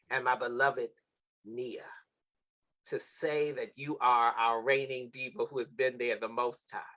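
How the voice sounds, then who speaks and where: A male talk show host closes the evening with flowing, sermon-like thanks. He blesses and praises each guest in turn, his voice at a middle pitch. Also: a bit bright, poor audio. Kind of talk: heartfelt closing thanks on a livestream.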